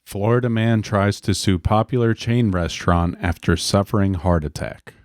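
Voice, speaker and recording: Man, podcast co-host, very deep voice, dry close sound, matter-of-fact. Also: steady tone, moderate pace, no room sound. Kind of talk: casual chat.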